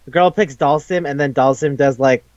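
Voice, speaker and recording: A fairly high-voiced man chats casually on a podcast, telling stories in a rambling, excitable way and swearing freely. His voice sounds close and dry on a dull, lo-fi recording. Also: moderate pace, dry recording. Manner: rambling, profane, animated storytelling. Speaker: podcast co-host. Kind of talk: casual chat.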